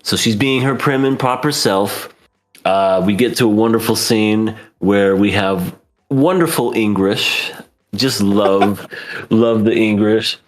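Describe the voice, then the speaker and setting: A man co-hosts an anime podcast, chatting casually in a review discussion, laughing a lot and acting out character lines. He speaks slowly at a fairly low pitch.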